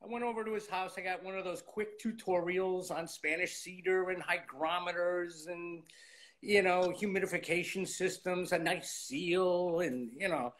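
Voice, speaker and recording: A man's voice: high voice, steady tone, normal speed, fairly bright tone. A man in his late fifties, a guest in an interview, telling his story in a casual way and acting out old conversations as he goes. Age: 50s.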